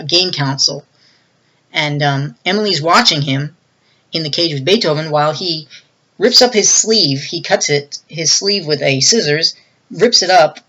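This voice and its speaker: Bright-voiced reviewer rambling through a plot. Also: mid-range voice, low-quality recording. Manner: rambling, with frequent fillers and self-corrections. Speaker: movie reviewer. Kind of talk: casual plot retelling.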